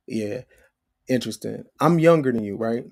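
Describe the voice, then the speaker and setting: A man's voice: mid-range voice, gravelly. A young man hosting a live call-in show, insistent and repeating himself to press his point. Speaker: host.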